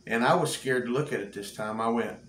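A man's voice: medium pitch, a little fast, fairly bright tone. Folksy preacher man, echoey room. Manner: folksy storyteller, laughs often. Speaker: cowboy church preacher. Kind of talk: folksy testimony. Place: church room. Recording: echoey room with faint hum.

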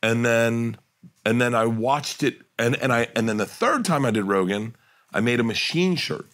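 A male comedian talks as a podcast guest, spilling out anecdotes in an animated, rambling way. He restarts his sentences and laughs as he goes. His voice sits at an ordinary middle pitch. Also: moderate pace. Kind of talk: casual storytelling chat.

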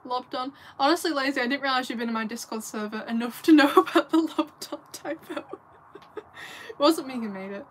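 Answering viewers at home during a livestream, a young northern English woman chats in a giggly, rambling, casual way. She speaks briskly in a high voice, and a little background noise can be heard.

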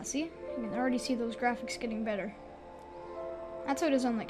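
A woman with a notably high voice talks through her gameplay in a chatty, excitable way, rambling as she goes. She speaks into a desk microphone, and clear music plays underneath her voice. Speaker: gaming YouTuber. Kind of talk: gameplay commentary. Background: background music.

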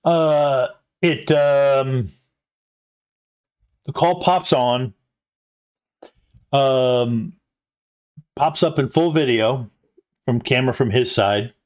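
Slow, halting male game master. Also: medium pitch. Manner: halting, full of ums and restarts. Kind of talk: narrating a tabletop game live. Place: live convention stage.

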